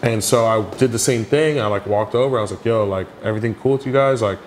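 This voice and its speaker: A young man with a low voice talks through a story in a relaxed interview, leaning on "like" at every turn. His storytelling is animated, and a faint hiss of background noise sits under the recording. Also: quick pace. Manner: animated storyteller, heavy "like" fillers. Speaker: podcast guest.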